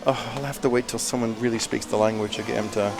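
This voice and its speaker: A man commenting live on a race in a chatty, self-deprecating way, with excitable bursts. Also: medium pitch, quick pace, background noise. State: a little out of breath.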